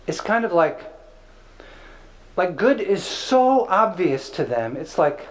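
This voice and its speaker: A man's voice: high voice, very animated, takes it slowly, pauses often, poor audio. A man teaching an informal spiritual class, conversational and playful, with filler words.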